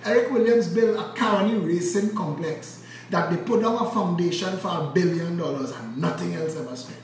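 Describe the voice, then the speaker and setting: A high-pitched Trinidadian man rages about politics, cursing and swinging from loud bursts to low, intense muttering. His voice is captured from a distance in a very echoey room with faint background noise. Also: normal speed. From Trinidad and Tobago. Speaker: political commentator. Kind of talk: impassioned political rant.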